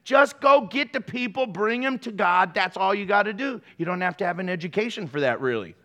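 A man's voice: high-pitched, expressive, fairly quick, bright, forceful tone. A man preaching a casual sermon, with playful, jokey asides to the congregation. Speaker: pastor.

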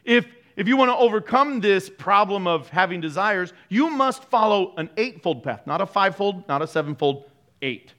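Animated, bright-voiced joking preacher man. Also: high voice, moderate pace. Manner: animated, joking, laughs often; sarcastic asides to the congregation. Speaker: pastor. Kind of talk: sermon.

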